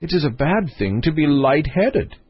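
A man voicing a tearful, quarrelsome queen in a high, sobbing voice on a dull lo-fi recording. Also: lively intonation, normal speed, breathy edge. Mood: sharp. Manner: high, sobbing, shrill retorts.

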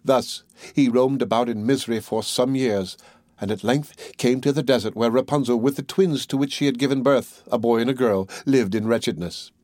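A man narrating a fairy tale as an audiobook reader, in a measured, even reading. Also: medium pitch, no echo, studio quality. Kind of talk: storybook narration.

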